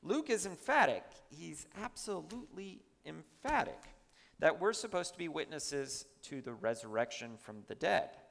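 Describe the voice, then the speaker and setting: A man's voice: a little high, gravelly, a bit bright, big-room sound. A man preaching a sermon in a church, emphatic and chatty, with asides to the congregation.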